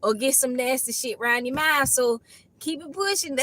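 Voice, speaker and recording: High-voiced woman ranting bluntly with laughter. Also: lively intonation, a little slow, a bit bright, no room sound, low-quality recording. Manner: blunt, profane, laughs often. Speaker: tarot reader. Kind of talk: casual tarot reading rant.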